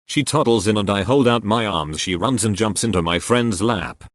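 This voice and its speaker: Reading online posts aloud, this narrator moves through brief anecdotes in a somewhat low voice at a moderate pace. He stays steady and matter-of-fact, and the recording is dry and close.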